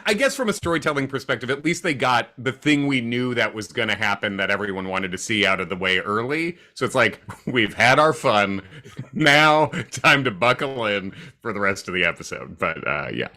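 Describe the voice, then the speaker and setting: A man co-hosting a livestream, chatting about a TV finale in a playful, excitable way. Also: medium pitch. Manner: excitable, playful, quick to joke. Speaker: podcast co-host. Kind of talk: casual recap chat on a livestream.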